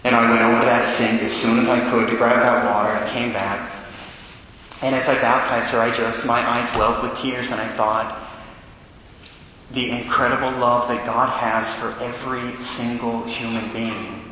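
A man who is a Catholic priest, telling a story in a sermon and acting out the dialogue with animated changes in his voice. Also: mid-range voice, normal speed, a little hiss or hum. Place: church. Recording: echoey church hall.

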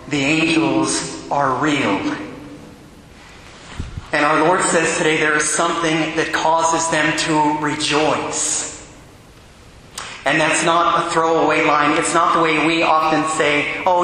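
A man's voice: a little high, bright, forceful tone, slight background noise. A man, a priest, preaching a sermon and telling vivid stories, acting out the voices in them. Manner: vivid storyteller, acts out quotes. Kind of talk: sermon with storytelling. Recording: echoey church hall with long reverb.

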